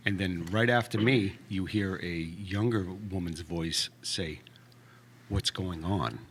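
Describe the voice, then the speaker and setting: Male guest ghost hunter, deep voice, steady and matter-of-fact. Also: slow pace, slightly rough. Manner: calm, matter-of-fact storyteller with fillers. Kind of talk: casual podcast storytelling.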